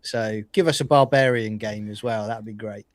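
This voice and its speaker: A man co-hosting a casual podcast, eager and a little halting as he talks. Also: lowish voice, no echo. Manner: enthusiastic, nostalgic, a little halting. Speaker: podcast co-host. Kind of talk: casual live podcast chat.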